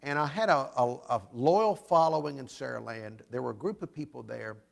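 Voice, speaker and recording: A man's voice: medium pitch, moderate pace, gravelly. A man hosting a comedic talk show interview, joking and emphatic.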